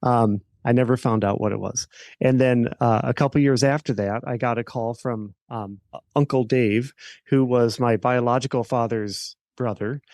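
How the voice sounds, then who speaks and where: A middle-aged man, an attorney and podcast guest, recounting a personal story in a halting way with many fillers and restarts. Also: medium pitch, fairly even intonation, a little mellow, no echo.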